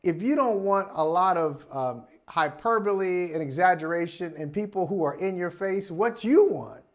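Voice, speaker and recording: A man with a notably high voice for a male speaker hosts a casual sports talk show. He argues animatedly and circles back over his phrases as he builds up a point. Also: lively intonation, normal speed.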